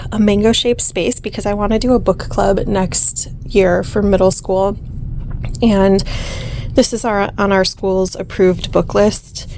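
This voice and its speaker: Slow, chatty woman vlogging at home. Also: mid-range voice, slight background noise. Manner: chatty and excitable, trailing off and restarting, with soft whispered asides. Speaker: teacher and vlog host. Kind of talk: casual diary vlog. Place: home room.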